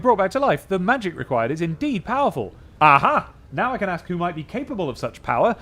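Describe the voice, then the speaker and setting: A man's voice: fairly high pitch, big pitch swings, fast talker, hardly any pauses, bright, forceful tone. A man playing a role-playing game, reading its text aloud and thinking through his choices in a casual, musing way. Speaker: let's play host.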